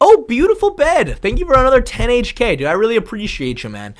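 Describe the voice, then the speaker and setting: A man's voice: very high voice, big pitch swings, fast talker. A man chatting casually on a live stream, rambling, swearing freely and thanking viewers.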